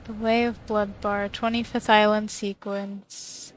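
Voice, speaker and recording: A woman's voice: mid-range voice, flat delivery, slow pace, a little hiss or hum. A woman streamer playing a video game, reading its text aloud and chatting casually, often giggling. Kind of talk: casual let's-play commentary.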